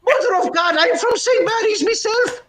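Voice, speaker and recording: A man voicing an excited drunk Irish man in a pub, with an Irish accent and squealing astonished exclamations. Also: very high-pitched, moderate pace, a little hiss or hum, voice pushed up.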